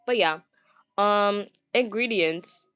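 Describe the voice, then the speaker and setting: A woman's voice: mid-range voice, takes it slowly, fairly bright tone, clean tone, no echo. Stuttery chatty girl vlogger, lots of ums, gushy, dry close sound. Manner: stumbling, stuttering, many fillers; chatty, gushing. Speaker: vlogger reading viewer comments. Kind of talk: casual livestream chat.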